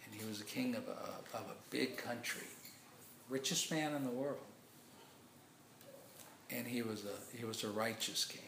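A man's voice: mid-range voice, a little slow, creaky, pauses often, fairly bright tone, a little hiss or hum. A man preaching, telling a story as a sermon illustration in a rambling way with many restarts. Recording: echoey room.

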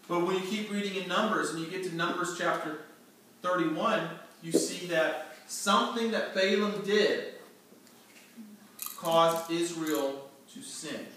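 A man's voice: high-pitched, a little slow, fairly bright tone. A man teaching a storytelling Bible lesson to a group, acting out scenes and quizzing his listeners. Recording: echoey room, distant mic, faint noise.

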